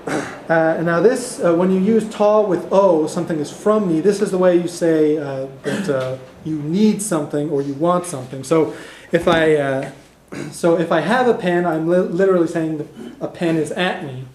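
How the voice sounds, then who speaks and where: A man's voice: a little high, normal speed, a little mellow, slight background noise. Man teaching a language class, echoey room. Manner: explanatory, with frequent fillers and restarts. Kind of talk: classroom lesson. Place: classroom in a cultural center.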